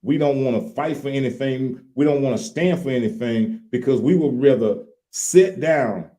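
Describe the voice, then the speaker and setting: A man, co-hosting a casual chat in a folksy, animated way. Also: medium pitch, normal speed. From Louisiana. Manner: animated, repeats "look here", folksy. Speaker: co-host.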